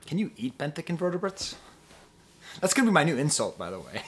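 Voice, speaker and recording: A man's voice: medium pitch, sing-song, fast talker, fairly bright tone. A man giving a casual talk-to-camera album review, rambling and digressive with lots of fillers, earnest and pleading in his enthusiasm.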